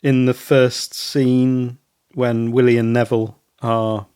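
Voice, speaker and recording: A man co-hosting a podcast in casual chat, rambling and pausing on many ums. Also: mid-range voice, level tone, mellow, clear, resonant tone, no echo, studio quality. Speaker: podcast co-host.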